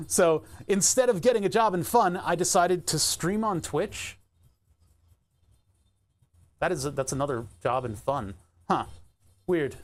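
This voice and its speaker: A man's voice: fairly high pitch, animated, slow, long pauses. A man streaming live, chatting casually and thinking aloud as he pedals an exercise bike, laughing often. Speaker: Twitch streamer.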